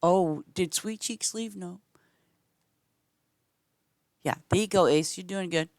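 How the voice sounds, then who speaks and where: A woman's voice: slow, no echo. Chatty woman streamer, dry close sound. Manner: chatty, rambling, repeats "I'm just saying"; lively swings in pitch and loudness, sometimes whispering. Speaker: game streamer. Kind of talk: casual gameplay chat with viewers.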